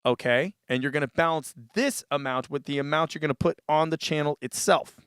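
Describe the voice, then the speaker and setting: Man, casual tutor, smooth clear voice, slightly high, dry close mic. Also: fairly quick, fairly bright tone, dry recording. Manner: laid-back, says "dude" a lot, demonstrates with his voice. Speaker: music tutorial host. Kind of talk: casual instructional demo. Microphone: vocal mic through a live mixer.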